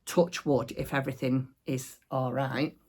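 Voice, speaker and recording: Low gravelly woman chatting. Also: fairly even intonation, unhurried, a little mellow. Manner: chatty and rambling, many fillers. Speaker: craft shop owner showing products. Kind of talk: casual chat to camera. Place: at home, indoors.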